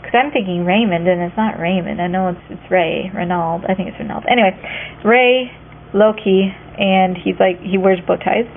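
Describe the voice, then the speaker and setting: A woman's voice: medium pitch, moderate pace. A young woman rambling casually through her sketchbook, chatty with lots of asides and fillers. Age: young adult. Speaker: art vlogger. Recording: tinny phone-like audio with faint hiss.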